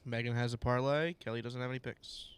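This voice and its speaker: A man's voice: medium pitch, steady tone, fast talker, clean tone, no echo. A man working behind the scenes on a sports show, answering plainly.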